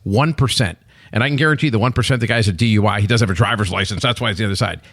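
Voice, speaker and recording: A man in his sixties talks as a podcast guest with a low, gravelly voice. He races through animated stories and acts out what people said. The sound is dry and close. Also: racing, no room sound. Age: 60s. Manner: animated storyteller, acts out quotes. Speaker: company CEO, guest. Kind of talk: podcast interview chat.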